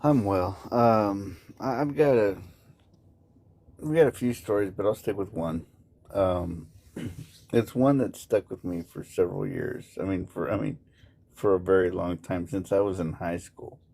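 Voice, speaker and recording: A man calling in to tell a story, relaxed and unhurried with some hesitant restarts. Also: low-pitched, gravelly. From Texas. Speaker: caller telling a story. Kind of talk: casual storytelling.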